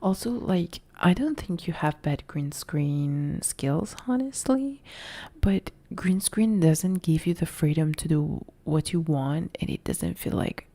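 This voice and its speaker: A young woman from Italy with an Italian accent, softly whispering as she chats and answers viewer comments in a whispered role-play live stream. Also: sits low, animated, slow pace, no echo. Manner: soft whispered chat reading viewer comments.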